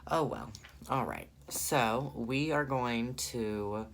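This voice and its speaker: Slow and gravelly, with a medium, somewhat bright pitch, a Southern American man narrates a makeup tutorial. He thinks aloud throughout and can't stop gushing about the colors.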